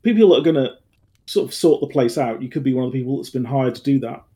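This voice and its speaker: A man running a tabletop game, calmly explaining the setting to his players in casual chat. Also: mid-range voice, fast talker. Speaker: game master.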